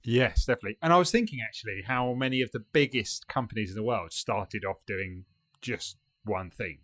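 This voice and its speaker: Man rambling on a podcast, low-pitched and dry. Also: brisk, a bit bright, no room sound. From United Kingdom. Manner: rambling, hesitant, filler-heavy. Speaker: podcast co-host. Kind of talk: casual chat.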